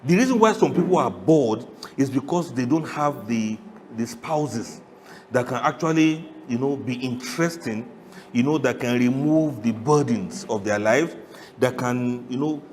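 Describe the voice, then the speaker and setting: A man giving a lively, humorous sermon, often laughing and asking the audience questions. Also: medium pitch, moderate pace, long reverb tail, a little hiss or hum. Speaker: Islamic preacher.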